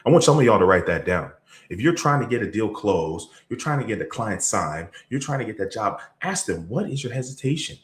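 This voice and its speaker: A man coaching on sales, telling stories in a motivational talk, energetic, with sudden jumps in pitch and loudness. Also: brisk. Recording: roomy echo.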